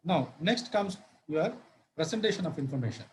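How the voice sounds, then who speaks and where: A man giving a law lecture, halting often with fillers and restarts and spelling words out. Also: fairly high pitch, lively intonation, slight background noise, rough recording.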